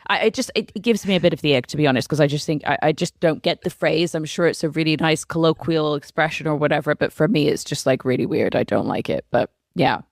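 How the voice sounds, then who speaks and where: A British woman talks through a relaxed podcast conversation in a fairly low voice, frank and a little self-deprecating. Her speech is full of easy "like" fillers. The sound is dry and close, with no room around it. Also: quick pace, vocal fry, hardly any pauses, no room sound. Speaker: podcast co-host. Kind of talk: casual conversational podcast chat.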